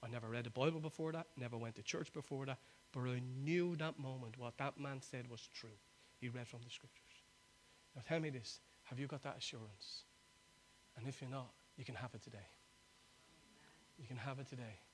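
A man, preaching a sermon that swings from loud exhortation to quiet, intimate appeal. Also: mid-range voice, a little fast, slight background noise.

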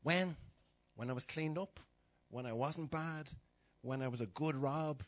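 Preaching at a measured pace, the middle-aged man has a slightly high voice. His sermon is animated storytelling, complete with acted-out voices and sudden drops into whispers.

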